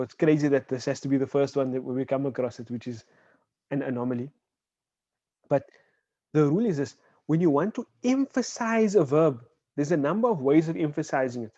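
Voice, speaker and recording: A man teaching an online Arabic class. He explains patiently, checks in with "right?" and says example words slowly. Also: fairly high pitch, dark tone, no room sound. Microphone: video call. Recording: dull, dry online call audio.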